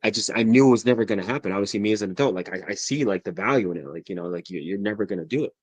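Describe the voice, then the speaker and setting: A man chatting as a podcast guest, excitable and profane, laughing often as he talks. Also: fairly low pitch, rapid-fire, no echo. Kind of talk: casual chat.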